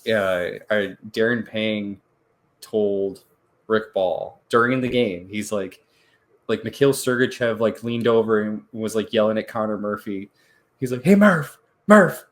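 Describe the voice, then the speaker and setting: A man co-hosting a hockey podcast in casual chat, animated, laughing often and acting out quotes loudly. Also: on the low side, a little slow. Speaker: podcast co-host.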